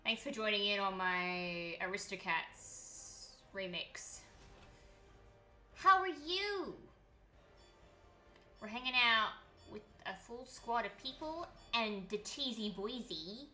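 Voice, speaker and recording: A woman's voice: medium pitch, unhurried, bright, forceful tone, faint music behind. A young woman streaming a game, chatting in a rambling way and swearing freely. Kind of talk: casual chat while gaming.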